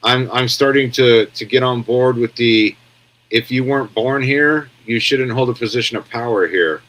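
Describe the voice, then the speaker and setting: A man's voice: medium pitch, moderate pace, a bit bright. A man hosting a casual news commentary stream, rambling bluntly and answering viewer comments as he goes. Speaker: commentary show host.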